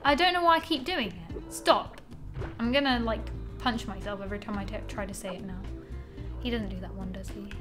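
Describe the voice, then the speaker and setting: A woman's voice: mid-range voice, brisk, music in the background. A young woman giving casual gameplay commentary, exasperated, swearing often and talking to herself. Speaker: gaming channel host.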